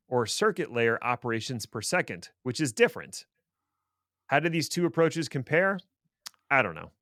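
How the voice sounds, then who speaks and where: A man's voice: medium pitch, fairly bright tone, no echo. A man co-hosting a tech podcast, explaining things casually with dry, sarcastic asides. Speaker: podcast co-host.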